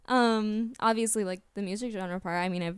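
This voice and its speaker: A woman's voice: mid-range voice, fairly even intonation, normal speed, smooth, no echo. A young woman from Florida, a singer and actress, chatting as an interview guest in a bubbly way, laughing often and saying "like" a lot. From Orlando, Florida, US. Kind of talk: casual interview chat.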